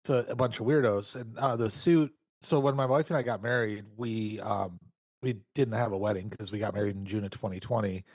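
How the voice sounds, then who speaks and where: A man co-hosting a podcast in an easygoing, chatty way. His voice sits low, and the recording is dry and close, with no room sound. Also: brisk, darkish tone, no echo. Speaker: podcast co-host. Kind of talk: casual chat.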